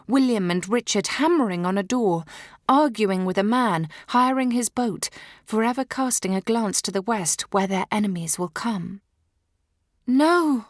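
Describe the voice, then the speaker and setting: A woman reads a first-person historical novel aloud, dramatic and emotive, slipping into hushed whispers at tense moments. Her pitch sits in an ordinary middle range. The recording is close and dry, with no room sound at all. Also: no room sound. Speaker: audiobook narrator.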